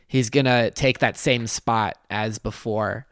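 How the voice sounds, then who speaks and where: A man playing a tabletop role-playing game, describing his character's actions in a hesitant, halting way. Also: lowish voice, fairly even intonation, fairly bright tone, clear, resonant tone, no echo, studio quality. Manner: hesitant, halting, with many fillers. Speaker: player.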